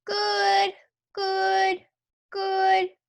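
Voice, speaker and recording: A woman's voice: monotone, very slow, heavily acted. A woman doing a squealing toddler boy. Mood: chirpy. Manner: squealing, high and sing-song. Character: excited little boy toddler chasing birds.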